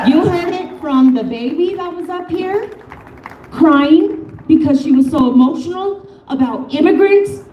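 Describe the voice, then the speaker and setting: Fiery, high-voiced woman at a rally. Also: lively intonation, a little slow, dull audio, some chatter behind, slight background noise. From Colorado. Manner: fiery, profane, off-the-cuff, laughs between lines. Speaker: rally speaker. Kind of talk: impassioned protest speech. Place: outdoor protest rally. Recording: echoey, from a distance.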